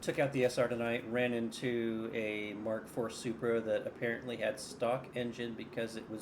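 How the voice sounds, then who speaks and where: A man's voice: mid-range voice, flat delivery, normal speed, hardly any pauses, slight background noise. A man streaming a survival game, chatting casually with viewers in a wry, profane, often muttered way. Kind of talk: casual gameplay commentary.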